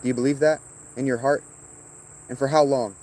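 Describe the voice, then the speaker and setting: Mellow-voiced man taunting his chat. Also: medium pitch, fairly even intonation, fairly quick, slight background noise. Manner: profane, taunting viewers by name, rambling. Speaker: streamer reading chat. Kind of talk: casual livestream chat.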